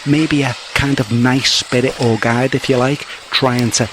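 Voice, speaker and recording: A man's voice: mid-range voice, steady tone, measured pace, background noise. A man from Merseyside in England reporting nervously and earnestly on a paranormal investigation inside an abandoned asylum at night. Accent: English, Merseyside. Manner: nervous, earnest, repeats phrases. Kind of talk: on-location report.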